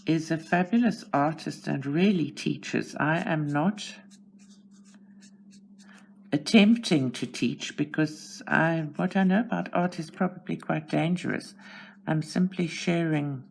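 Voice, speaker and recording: A woman's voice: low voice, measured pace, gravelly, a little mellow, husky. A South African woman chatting casually as she colors, narrating her steps in a chatty, self-deprecating way. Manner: chatty, self-deprecating, talks to herself while working. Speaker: channel host. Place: at home.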